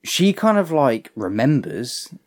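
A man talking through a TV episode with a friend. He's animated and swears freely, slipping into the characters' voices as he retells each scene. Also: mid-range voice, slow pace. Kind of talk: casual chat recapping a TV episode.

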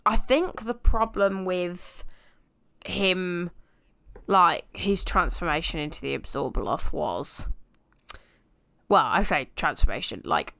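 A woman's voice: on the low side, expressive, slow pace, vocal fry, long pauses, bright, forceful tone. A woman co-hosting a podcast, chatty and frank with her opinions, laughing easily. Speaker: podcast co-host. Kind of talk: casual podcast discussion.

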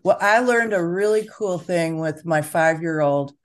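A woman therapist telling stories in conversation, acting out quotes with lively jumps in her voice. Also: unhurried. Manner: animated, acts out quotes with pitch jumps. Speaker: family therapist. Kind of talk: conversational storytelling.

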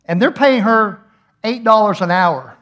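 A middle-aged man, a pastor preaching a sermon and telling a funny story with animated, playful acted-out voices. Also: sits high, a little slow.

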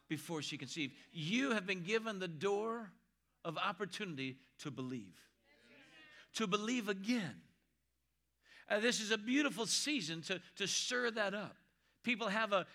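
A male pastor preaching a sermon, repeating key lines slowly for emphasis, reading scripture with deliberate pacing and asking the congregation for responses. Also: sits high, bright, forceful tone. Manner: conversational asides with call-and-response.

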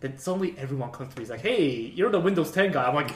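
A man's voice: on the high side, lively intonation, quick pace, recorded from a distance. A man who works IT help desk tells work stories casually, swearing and laughing. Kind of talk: casual chat. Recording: echoey room, off-mic.

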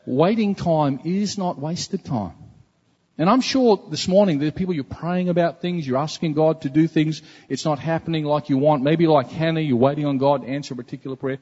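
A male pastor preaches in an earnest, conversational way, circling back and repeating words as he talks. His voice sits a little high and sounds husky. It carries a long reverb and a dull, muffled tone from a large hall. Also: a little fast, darkish tone. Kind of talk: sermon.

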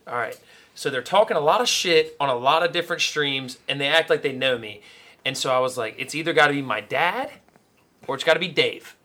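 Young man, podcast co-host, casual storytelling, animated, acts out quotes, bright voice, slightly high pitch.

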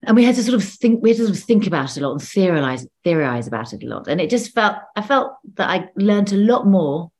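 A woman's voice: mid-range voice, big pitch swings, fast talker, hardly any pauses, a little mellow. A woman actor talking casually in an interview over a video call, chatty and full of restarts. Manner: chatty, restarts often, laughs between stories. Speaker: actor and guest.

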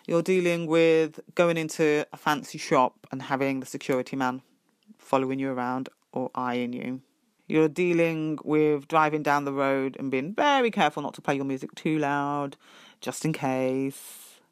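A middle-aged woman, telling her own story as a parent in an emphatic, animated way. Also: low voice, a little slow, clear, resonant tone, no room sound, clean studio sound. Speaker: parent sharing her experience. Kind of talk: personal podcast testimony.

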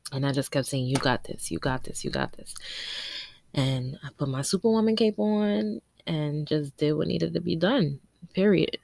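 A woman in her twenties from Harlem, New York City, hosting her own podcast and telling her personal story in a candid, emotional way, with frequent ums and soft laughs. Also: deep voice, no room sound, clean studio sound. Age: 20s. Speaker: podcast host.

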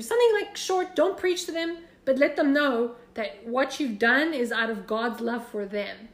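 A woman with a high voice teaches a church class. She gives direct, encouraging instruction. The room around her sounds echoey.

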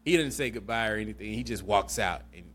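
A man hosting a podcast, recapping a movie in animated, laughing, profane storytelling. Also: fairly low pitch, fast talker. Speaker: podcast host. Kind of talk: casual chat, movie recap.

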